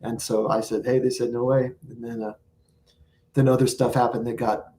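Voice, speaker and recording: A man in a casual interview, spinning a long story about life on tour. He jumps between scenes and acts out the lines of the people in it. His voice sits in an ordinary middle pitch. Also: level tone, moderate pace, mellow. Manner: rambling anecdotes with acted-out quotes. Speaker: guest musician.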